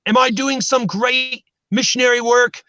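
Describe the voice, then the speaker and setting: A man guests on a chat show and spins animated comic stories. His voice sits high and sounds bright and forceful. It comes through a dry, muffled remote line. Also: normal speed, gravelly, dry recording. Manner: joking, animated storytelling. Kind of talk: comedic casual chat.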